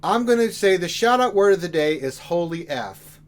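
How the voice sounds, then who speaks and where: A man's voice: high voice, expressive, normal speed. A man co-hosting a game livestream in casual chat, joking and talking straight to his viewers in a rowdy way. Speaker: livestream co-host.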